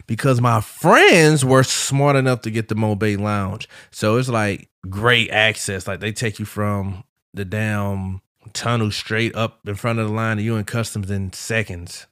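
A man hosting a podcast, telling a travel story in a casual, animated way, swearing freely and acting out what people said. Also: fairly low pitch, measured pace, clear, resonant tone, no room sound, studio quality. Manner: profane, animated, quotes people in his story. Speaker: podcast host.

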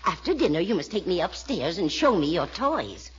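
A woman's voice: lowish voice, very animated. An actress playing a fussy older mother who gushes and talks down to everyone, in 1940s radio acting style. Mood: gushing. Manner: gushing, drawn-out, talks down to others. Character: fussy, gushing older mother, sweetly condescending. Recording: dull old radio recording.

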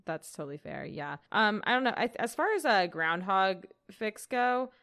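A woman's voice: mid-range voice, lively intonation, moderate pace, a bit bright. A woman co-host in casual chat, frank and easygoing. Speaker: podcast co-host.

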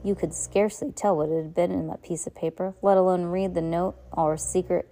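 A woman's voice: lowish voice, fairly even intonation, fairly quick, dark tone. A woman reading a novel aloud in a casual way, often restarting lines. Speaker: reader.

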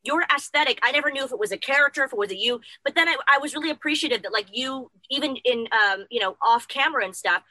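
Fast, high-pitched bubbly woman. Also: pushed and bright, dry recording, rough recording. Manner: gushing, rambling with fillers. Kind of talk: casual chat.

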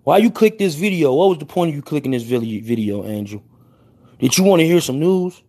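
With a little high, mellow, expressive voice and a slightly fast delivery, a young Chicago man hosts a livestream. He speaks in a Chicago accent and brash street slang, chatting casually and apologizing again and again.

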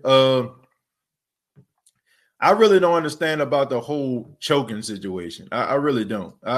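A man hosting a podcast, rambling in casual sports talk with lots of fillers and repeats. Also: medium pitch. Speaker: podcast host.

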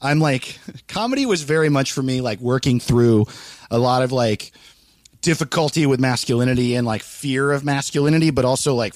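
A man's voice: medium pitch, no room sound. A man from Los Angeles, a comedian, telling a story in casual chat, often laughing and swearing freely as he animatedly recounts it.

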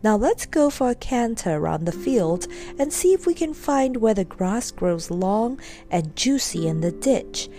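A woman voicing a gentle, wise mother pony in a storybook reading, speaking in a soothing, motherly way. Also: on the high side, sing-song, unhurried.

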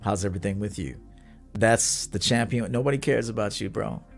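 A man's voice: fairly low pitch, normal speed, creaky, faint music behind. A man, a dating coach talking bluntly and with swagger to viewers on a livestream.

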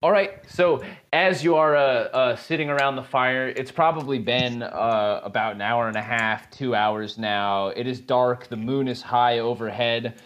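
A man's voice: medium pitch, steady tone, a little slow, few pauses, a bit bright, lo-fi sound. A man narrating as game master of a tabletop game, loose and chatty with many fillers and easy laughs. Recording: casual podcast recording.

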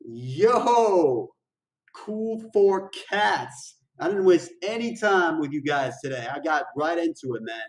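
A man hosting a music reaction video, chatting casually in excited slang and often repeating his phrases. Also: a little high, measured pace, hardly any pauses, distant mic, low-quality recording. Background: the song playing faintly.

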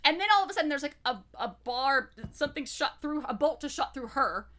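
Woman co-host, high bright voice, animated retelling of scenes. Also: brisk. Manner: animated retelling, acts out dialogue. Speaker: book podcast co-host. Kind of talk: casual chat.

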